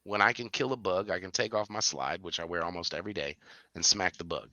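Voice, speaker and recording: A man with a low, deep voice that still comes through bright and forceful. He co-hosts a podcast and chats casually, telling stories animatedly with sudden high-pitched laughing bursts. The sound is dry and close. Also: quick pace, dry recording, muffled recording. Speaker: podcast co-host. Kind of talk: casual chat.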